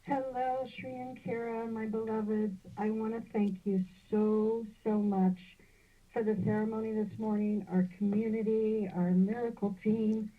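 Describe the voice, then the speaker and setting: A woman calling in to a spiritual show, grateful, soft and unhurried as she shares her experience and asks a question. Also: medium pitch, flat delivery. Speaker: caller. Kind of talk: casual call-in. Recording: tinny phone line.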